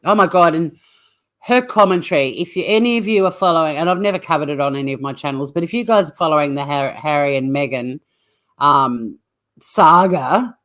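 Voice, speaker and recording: A woman's voice: on the low side, normal speed. Blunt, opinionated woman streamer. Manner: opinionated, blunt, swears freely; rambling, reacts to live chat. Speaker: true crime channel host. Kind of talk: casual livestream commentary.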